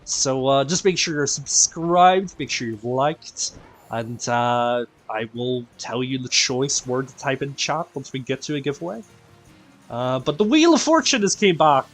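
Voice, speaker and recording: With lively intonation and a slightly slow delivery, a Northern Irish male streamer chats casually as a live-stream raid host, greeting viewers by name and putting himself down. His middle-pitched voice carries a mixed Northern Irish accent, and he's tired and quieter than usual. Soft music sits in the background.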